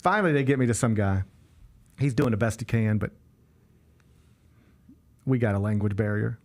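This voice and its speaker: A man's voice: on the low side, normal speed. A man hosting a show, telling an exasperated story in casual chat and acting out the people in it. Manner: animated, exasperated, acts out the people in his stories. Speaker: show host.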